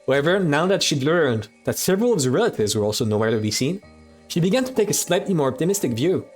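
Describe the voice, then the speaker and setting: A man reads a visual novel aloud on stream, his fairly high voice bouncing up and down with lively pitch. He keeps stopping the narration to chat and swear casually. Faint music plays under him. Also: quick pace.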